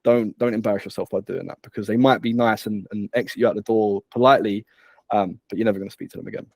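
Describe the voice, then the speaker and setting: A man's voice: lowish voice, quick pace, creaky. A man talks as a guest in a business interview. He speaks energetically and often repeats a word before his point comes out. The sound is dry, with no room echo. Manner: energetic, repeats words when starting phrases. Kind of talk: conversational interview.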